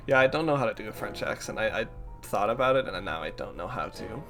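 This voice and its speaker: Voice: medium pitch, animated, quick pace, fairly bright tone, soft background music. A streamer casually commenting over a game in a self-deprecating, stammering way.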